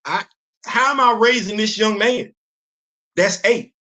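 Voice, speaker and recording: Animated older man, high bright voice. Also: unhurried. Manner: animated, repeats words when he starts a sentence. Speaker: host. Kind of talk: livestream commentary.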